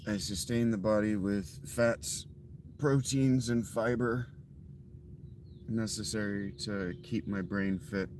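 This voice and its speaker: Male gaming streamer, deep-leaning voice, deadpan profane chatter over steady background noise. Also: slow pace. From Ohio. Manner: dry, offhand, profane. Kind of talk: casual live game commentary.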